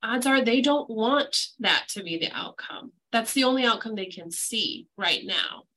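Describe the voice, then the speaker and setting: A woman's voice: fairly high pitch, animated, moderate pace, pushed and bright, poor audio. A woman speaking as a guest on a podcast, earnest and reassuring as she gives practical advice. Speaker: school mental health guest. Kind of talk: podcast interview.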